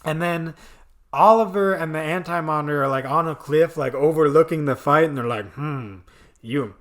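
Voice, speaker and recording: Male reviewer, casual and rambling, bright tense tone, slightly high. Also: brisk. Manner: rambling, filler-heavy, enthusiastic. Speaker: video reviewer. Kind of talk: casual chat.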